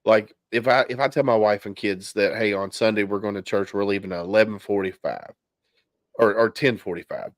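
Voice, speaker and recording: A man hosts a relaxed podcast conversation from his home. His voice sits on the low side and sounds dry, with no room echo. He talks candidly, circling back with restarts and fillers. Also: fairly quick. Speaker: podcast host. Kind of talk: casual podcast chat. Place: home basement.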